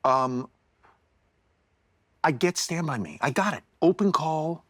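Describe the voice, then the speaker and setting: A middle-aged man, a podcast guest telling a story in a lively way, stumbling and repeating words as he goes. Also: fairly high pitch, slow pace, dry recording. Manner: animated storyteller who acts out quotes, repeats words. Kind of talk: casual storytelling in a podcast chat. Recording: dry close-miked studio sound.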